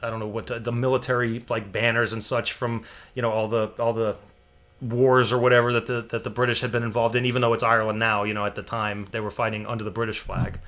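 American man, bright forceful voice, animated casual storytelling, swears and laughs. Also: mid-range voice, fast talker. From United States. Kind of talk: casual chat.

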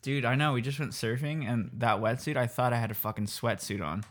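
A man's voice: medium pitch, fairly even intonation, fairly quick. A young man co-hosting a podcast, joking and swearing in casual banter. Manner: joking, swearing, talks through a healing mouth. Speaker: podcast co-host.

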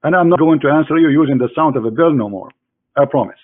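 This host's voice sits on the high side and moves fast, coming through a tinny phone-like connection. He's in an argumentative religious debate with a caller, mocking him and repeating phrases for emphasis.

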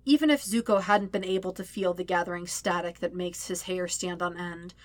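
A woman reading a story aloud as narrator, with steady, even storytelling. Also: lowish voice, a little fast, dry recording. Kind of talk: audiobook-style fan fiction reading.

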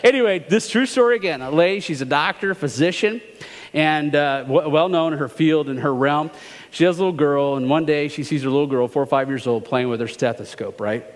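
Brief: male guest preacher, chatty and joking, slightly high voice, long church reverb. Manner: chatty, joking, asks the congregation questions. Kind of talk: sermon with jokes and scripture reading. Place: church sanctuary.

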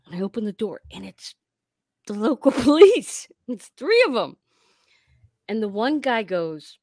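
A woman co-hosts a comedy podcast from home over a video call. Her pitch swings widely as she tells an animated story. The sound is dry and close. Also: unhurried, no echo. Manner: animated anecdote teller, acting out quotes. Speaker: podcast co-host. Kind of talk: casual storytelling.

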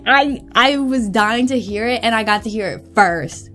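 A woman's voice: fairly high pitch, moderate pace, hardly any pauses, a bit bright, soft background music. A young woman hosting a podcast, chatting casually and gushing expressively, swearing freely. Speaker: podcast host. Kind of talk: casual chat.

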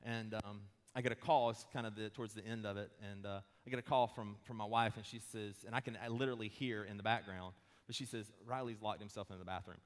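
A pastor in his thirties giving a conversational sermon, mixing quick humor with slow emphatic pauses. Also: on the low side, fairly even intonation. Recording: long hall reverb.

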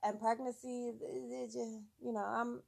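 A woman's voice: a little high, flat delivery, normal speed, creaky, darkish tone. A woman in her thirties co-hosting a podcast, chatting candidly and playfully with bawdy banter. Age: 30s. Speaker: podcast co-host. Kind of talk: casual chat.

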